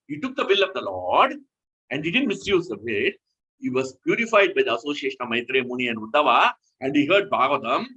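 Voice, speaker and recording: Male preacher, emphatic, bright and slightly husky, lively intonation, scripture-class delivery. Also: fairly high pitch, rough recording. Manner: animated, emphatic, self-correcting. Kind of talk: scripture lecture.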